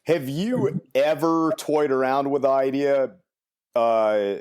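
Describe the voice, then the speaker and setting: A man's voice: medium pitch, takes it slowly, darkish tone, clear, resonant tone. Man hosting a casual interview. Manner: thoughtful, hesitant with fillers. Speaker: podcast host.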